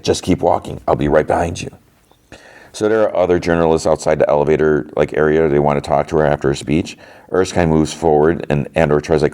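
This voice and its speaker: Guy with a super low dark voice, rambling through a tv episode recap, lots of "he's like". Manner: retells scenes with lots of "he's like" and quick quoted lines. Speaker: podcast host recapping a TV episode. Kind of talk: casual recap.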